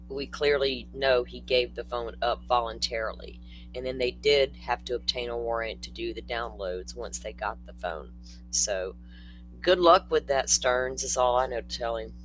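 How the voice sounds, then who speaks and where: A man's voice: medium pitch, fairly bright tone, slight background noise, rough recording. An older man hosting a true-crime livestream, talking casually and bluntly, answering viewers in the chat.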